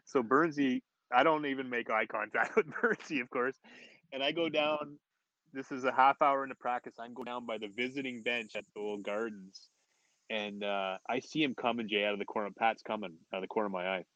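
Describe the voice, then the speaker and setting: A man's voice: medium pitch, brisk, no echo, dull audio. A man in his forties, a former hockey player, telling a story casually with laughs and restarts. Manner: animated, laughing, many restarts.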